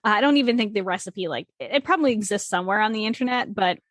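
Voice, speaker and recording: A woman, hosting a casual podcast interview, chatty and quick to laugh. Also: medium pitch, lively intonation, a bit bright, no room sound, clean studio sound. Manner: bubbly, laughs often, many fillers. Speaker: podcast host.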